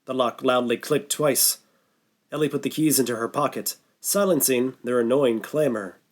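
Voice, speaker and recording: A man narrating a horror novel audiobook in a steady, measured voice. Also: medium pitch. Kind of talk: scripted narration.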